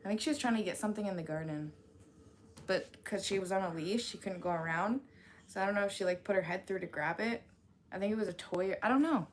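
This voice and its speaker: A woman's voice: medium pitch, fast, slight background noise. A young woman chatting casually to her live chat, rambling with lots of fillers, laughing often and swearing freely. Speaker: livestream host.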